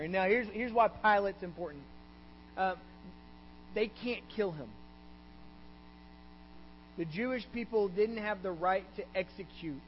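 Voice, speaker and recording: A Texan man preaches from the pulpit, his voice sitting high for a man. He tells the scripture story with animation, acting out the characters' lines. The recording is dull and lo-fi, with a faint mains hum underneath. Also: a little slow, long pauses. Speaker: pastor. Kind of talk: sermon. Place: church.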